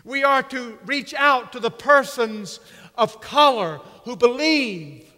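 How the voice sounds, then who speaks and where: A man preaching a sermon with slow, emphatic delivery and dramatic pauses. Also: very high voice, sharp tone. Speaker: pastor. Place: church sanctuary. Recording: long reverb of a church hall.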